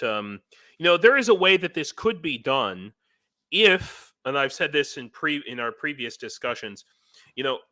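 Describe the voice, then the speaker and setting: An American man with a bright, medium-pitched voice appears as a guest on a casual live stream, talking as a foreign volunteer in Ukraine. He rambles, chuckling between his points.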